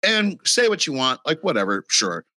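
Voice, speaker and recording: A man's voice: on the high side, big pitch swings, moderate pace, sharp tone, dry recording. A man talking in a casual podcast chat, rambling and profane with lots of fillers.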